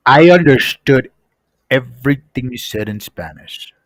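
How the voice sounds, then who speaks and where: A man's voice: fairly high pitch, a little slow, dry recording, rough recording. A young man telling a story casually to his stream, acting out voices. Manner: animated, acts out voices in the story.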